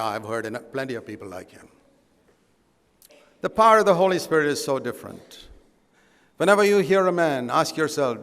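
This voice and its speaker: Man preaching in a reverberant hall. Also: high voice. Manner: earnest, conversational preaching with emphatic stresses. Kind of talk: sermon.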